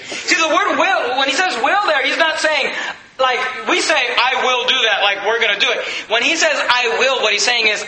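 Male pastor, sermon, very high and tense tone, emphatic rhetorical style, roomy church sound. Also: normal speed, a little hiss or hum. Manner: emphatic preaching with rhetorical questions; rises to shouting at peaks. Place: church sanctuary. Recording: echoey church room.

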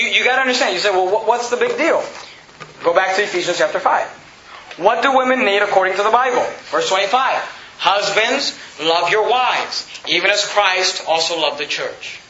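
A male preacher gives a sermon in a church, reading scripture aloud and unpacking it in plain talk with frequent self-corrections. His voice is high and bright. The recording is muffled and lo-fi, with an echo that fills the room. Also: slight background noise. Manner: halting restarts and self-corrections. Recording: echoey, dull lo-fi room recording.

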